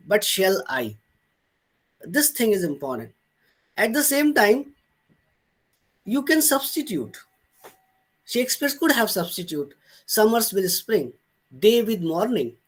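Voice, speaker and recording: Male lecturer, webinar talk, repeats points, slows for quotations. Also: high voice. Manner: explains step by step, repeats points for emphasis.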